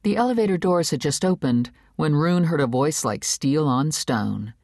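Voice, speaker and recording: Woman audiobook narrator, low voice, animated, studio-dry. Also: no echo. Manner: expressive, measured storytelling. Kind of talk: scripted narration. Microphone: studio microphone.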